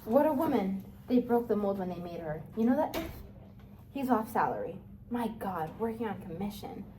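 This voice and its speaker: A woman's voice: medium pitch, sing-song, normal speed, dark tone, slight background noise, natural voice, low-quality recording. A woman reading the part of a brash, boastful young adult son in an amateur play read-through, eager and salesman-like.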